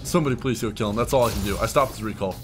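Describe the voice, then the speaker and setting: A young man giving excited, laughing commentary while playing a video game, with loud yelps between mumbled asides. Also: lowish voice, very fast. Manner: hyped, yelling bursts and mumbled asides; laughs often. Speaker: streamer. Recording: game music behind voice. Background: game music.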